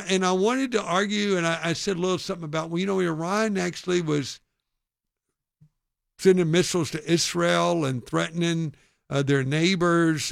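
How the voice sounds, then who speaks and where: Man, gravelly voice, slightly high pitch, animated storytelling, self-deprecating, dry close-mic sound. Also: no echo. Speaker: podcast host and author. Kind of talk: conversational storytelling.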